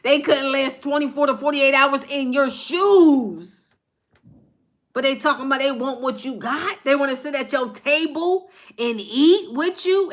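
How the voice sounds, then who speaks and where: Her high, slightly bright voice carries a fired-up spiritual card reading that she streams live on her phone from a table at home. She says lines again and again for emphasis in this motivational session.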